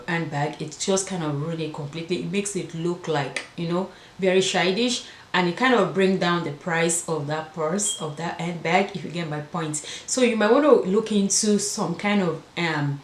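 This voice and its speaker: A woman with an African accent chatting to camera in a casual vlog, her voice sitting a little low. She repeats words for emphasis, and the room gives her voice a noticeable echo. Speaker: fashion vlogger.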